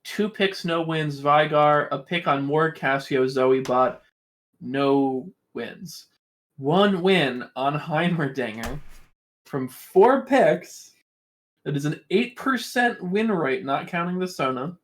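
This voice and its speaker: Exasperated man ranting, higher voice. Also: animated, takes it slowly. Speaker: podcast co-host. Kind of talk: casual esports podcast chat.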